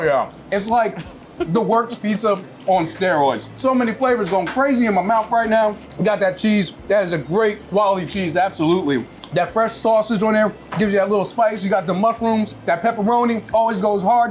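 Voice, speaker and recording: Young male food-show host, high-ish voice, excitable tasting reactions. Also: a little fast, a little hiss or hum.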